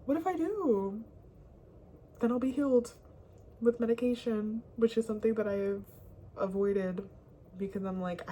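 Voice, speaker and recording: A young woman talking candidly to camera in a rambling, confessional way, now and then dropping to a hushed whisper. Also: on the high side, unhurried, pauses often, slight background noise. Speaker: vlogger. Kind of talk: candid personal talk to camera.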